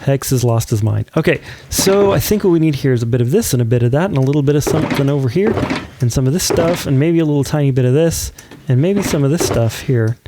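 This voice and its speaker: A man's voice: medium pitch, lively intonation, fast talker, heavy background noise. A man hosting a let's play, chatting casually and giggling while he builds. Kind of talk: casual gameplay commentary.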